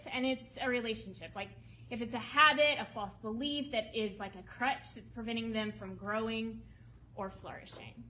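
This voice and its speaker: A woman presenting a ministry project to an audience, lively and emotional, prompting listeners to respond. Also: a little high, slight background noise, poor audio. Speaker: ministry speaker presenting a women's home. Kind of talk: talk to a seated audience with slides. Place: meeting room with tables.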